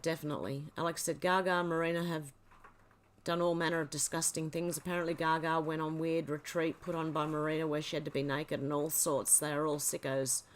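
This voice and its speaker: A woman hosting a livestream, chatting casually and laughing often as she reads viewer comments aloud. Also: low voice. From Australia. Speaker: livestream host.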